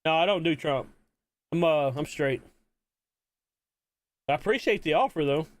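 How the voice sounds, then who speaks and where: A man's voice: on the high side, measured pace, no echo. A man from Mississippi, chatting casually to viewers while hosting a live-stream watch party, rambling and repeating himself.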